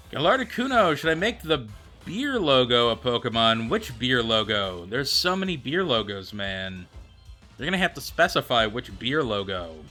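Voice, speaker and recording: A young man streaming a game, reading out viewer comments and answering them in a chatty, animated way. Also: medium pitch. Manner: chatty, animated, answers chat with quick excited reactions. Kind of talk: casual livestream chat reading viewer comments. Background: faint background music.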